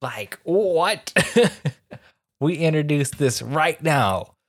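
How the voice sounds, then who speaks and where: A man's voice: a little high, expressive, drawn-out words. A man co-hosting a casual podcast, making wry, joking complaints about an anime. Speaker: podcast co-host. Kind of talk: casual anime recap chat.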